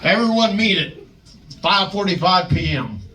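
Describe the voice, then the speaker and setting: A man putting on the voice of a loud, mocking veteran wrestler who makes grand announcements. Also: animated, moderate pace, distant mic, low-quality recording. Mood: mock-formal. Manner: booming, theatrical announcing.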